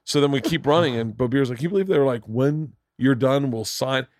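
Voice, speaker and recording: A middle-aged man from Florida, a podcast host telling animated stories in casual chat and acting out the quotes. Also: mid-range voice, a little fast, dry recording, studio quality. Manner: animated storyteller, acts out quotes, swears freely.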